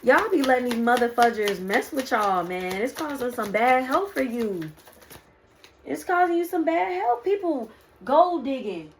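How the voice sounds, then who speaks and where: High-pitched woman reading spirit cards, chatty and preachy, talks to viewers like family. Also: animated, measured pace, a little hiss or hum. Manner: preachy, chatty, calls viewers "y'all" and "baby". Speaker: spiritual reader. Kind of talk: casual card reading to viewers.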